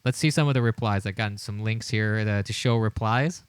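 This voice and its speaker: A man hosts a casual livestream, reading replies aloud while laughing a lot, sounding incredulous, and rambling through stumbling restarts. His voice is fairly low, clear and resonant, at a moderate pace with no echo.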